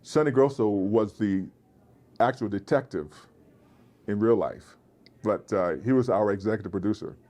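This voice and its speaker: A man, an actor being interviewed, with a deep resonant voice, telling animated stories and slipping into voices. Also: moderate pace. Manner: animated storyteller, slips into voices. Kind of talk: casual interview chat. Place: festival convention floor.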